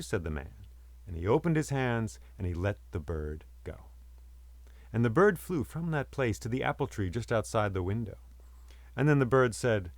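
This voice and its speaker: A man's voice: fairly low pitch, big pitch swings, moderate pace, dry recording. A man telling a myth aloud as a storyteller, with rhythmic, repeating phrases. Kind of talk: oral storytelling of myths.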